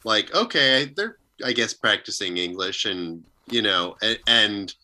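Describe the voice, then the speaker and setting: Bright, lively man telling wry stories. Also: fairly low pitch, a little slow. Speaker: podcast guest. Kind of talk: casual chat.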